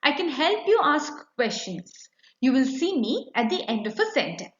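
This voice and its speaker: A woman's voice: high voice, sing-song, moderate pace. A woman reading as a friendly talking question mark. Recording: echoey, slightly dull recording.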